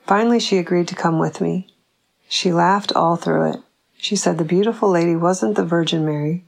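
Female audiobook reader, dry measured delivery, low voice with fry. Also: a little mellow, rough recording. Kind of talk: reading a literary short story aloud.

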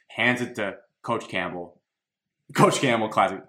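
Casual male sports podcast host, slightly low voice, lively storyteller. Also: moderate pace. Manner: animated storytelling, laughs while talking.

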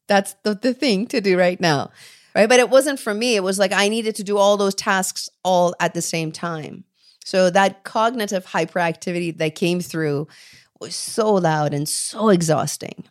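A woman's voice: medium pitch, normal speed. A woman in her forties from Canada, an ADHD coach telling her own story in an interview, acting out remembered dialogue. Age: 40s. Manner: expressive, acts out quoted dialogue.

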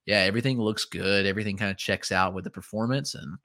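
A man with a low, bright, forceful voice chats as a podcast co-host. The sound is dry and close, and his delivery is measured and easygoing. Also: no room sound. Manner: measured, agreeable, uses "you know" often. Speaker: fantasy baseball podcast co-host. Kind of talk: casual podcast chat.

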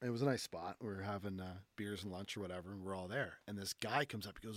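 A man telling a story in casual talk, animated and full of fillers, swearing freely. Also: fairly low pitch, quick pace, few pauses, no echo. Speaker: podcast guest.

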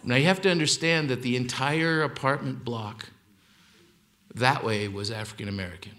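Man, 60s, from Mexico. Animated storyteller at a talk, mid-pitched voice that leaps up on the punchlines. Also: moderate pace. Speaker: author giving a talk.

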